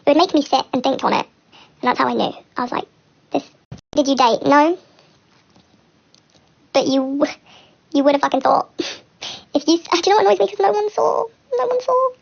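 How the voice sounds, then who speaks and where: A woman's voice: high-pitched, normal speed, gravelly, long pauses, dull audio. A young woman telling a personal story on a casual livestream, rambling and candid, with nervous laughter.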